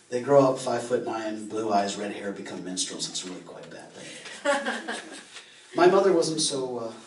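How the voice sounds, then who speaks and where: A man's voice: medium pitch, a little hiss or hum. Playful man telling a fairy tale on stage. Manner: playful, theatrical, with asides. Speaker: folk minstrel and storyteller. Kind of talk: live storytelling between songs. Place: indoor live concert venue with an audience. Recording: roomy live recording from far off.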